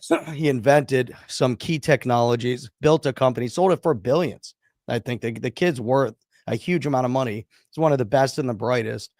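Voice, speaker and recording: A man's voice: medium pitch, darkish tone, no room sound, clean studio sound. A man co-hosting a live stream podcast, chatting upbeat and reading out viewer comments. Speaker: podcast co-host.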